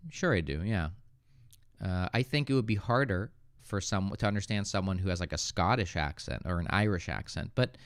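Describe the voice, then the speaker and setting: A man's voice: low voice, moderate pace, dry recording, clean studio sound. An American man hosting a casual livestream, teaching English and answering viewer questions, thinking aloud with hesitant restarts.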